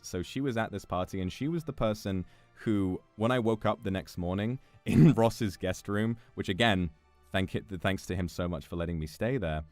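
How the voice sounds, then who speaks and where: A man's voice: sits low, dry recording. British man telling a casual story. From Britain. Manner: swearing, laughing often, animated retelling. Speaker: streamer.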